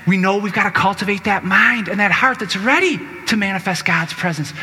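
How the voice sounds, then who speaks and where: A high-voiced man preaching with a very bright, forceful tone, exuberant and exclamatory as he leads call-and-response. His sermon rings with the long reverb of a large hall. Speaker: Catholic preacher.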